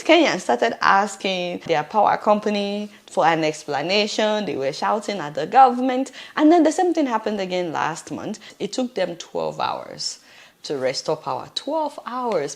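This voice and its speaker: A woman with a Nigerian accent hosting casual political commentary, teasing and animated, laughing often. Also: fairly low pitch. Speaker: commentary host.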